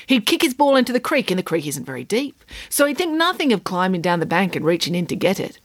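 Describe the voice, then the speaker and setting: A woman's voice: medium pitch, big pitch swings, fast talker, no echo. A woman reading as a playful mum telling a tall tale. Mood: mock-serious. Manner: matter-of-fact, mock-serious. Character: playful imaginative mother spinning a tall tale. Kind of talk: storybook reading.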